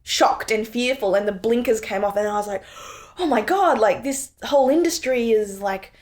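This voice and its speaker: This Australian filmmaker and actor, a woman in her thirties, has a medium-pitched voice. In a relaxed interview she tells stories animatedly, acting out her own past reactions and leaning heavily on fillers like "like" and "you know."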